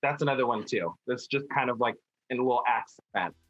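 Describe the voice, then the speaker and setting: A man's voice: mid-range voice, a little fast, a bit bright, muffled recording, soft background music. A man who performs in drag, talking playfully and sassily in an interview. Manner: playful, sassy. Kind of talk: documentary interview.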